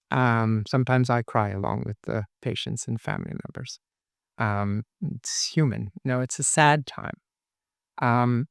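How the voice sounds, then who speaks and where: A man who works as a palliative care nurse, answering interview questions in a gentle, thoughtful way with some hesitation. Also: mid-range voice, vocal fry, no echo, clean studio sound.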